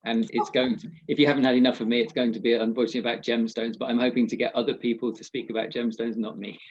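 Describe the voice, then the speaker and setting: Flat-voiced man on a muffled call. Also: medium pitch, rapid-fire, husky. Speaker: co-organiser and speaker. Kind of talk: casual video-call chat. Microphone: video call. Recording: dull lo-fi video-call audio.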